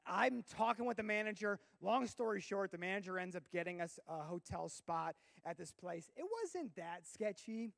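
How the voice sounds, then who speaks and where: A man preaching to teenagers as a youth pastor, telling a long comic story and bursting into shouts for effect. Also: high-pitched, normal speed, vocal fry, hardly any pauses.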